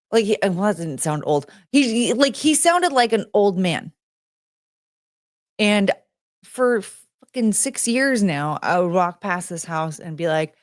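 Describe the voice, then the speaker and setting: A woman streamer in casual chat, greeting viewers by name and rambling with giggles, fillers and restarts, jumping between high excited greetings and low mumbled asides. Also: measured pace, no echo, clean studio sound. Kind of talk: casual chat reading out chat names.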